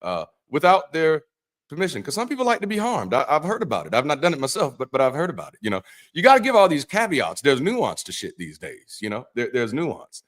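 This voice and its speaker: An ex-pastor hosts a Bible study livestream that runs like a loose, casual chat, full of jokes and cursing. His voice sits on the high side with huge pitch swings, a brisk pace, and a slightly bright tone. He often repeats words and restarts his sentences, tossing in profane, joking asides.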